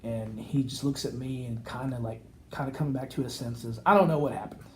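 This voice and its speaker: A man's voice: mid-range voice, a little fast. A man co-hosting a podcast, telling a long casual anecdote and acting out the people in it. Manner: rambling, animated anecdote with acted quotes. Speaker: podcast co-host. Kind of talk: casual storytelling chat.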